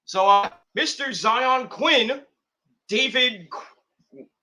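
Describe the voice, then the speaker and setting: A man's voice: very high voice, very slow, bright, forceful tone. A man recapping and rating a wrestling show in a rambling, casual vlog, full of crude jokes and swearing.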